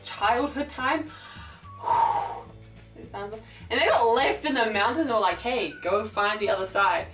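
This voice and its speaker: A young woman in a casual book review vlog, rambling with lots of fillers and acting out characters' lines as she retells scenes. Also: mid-range voice. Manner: rambling, filler-heavy, animated retelling with quoted voices. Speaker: book vlogger. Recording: roomy echo, voice a little far from the mic, faint music.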